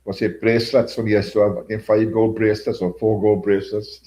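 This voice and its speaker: A man's voice: fairly low pitch, little pitch movement, quick pace, mellow, poor audio. A middle-aged man hosting a casual livestream chat, rambling, swearing often and chuckling as he reads comments. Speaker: livestream host.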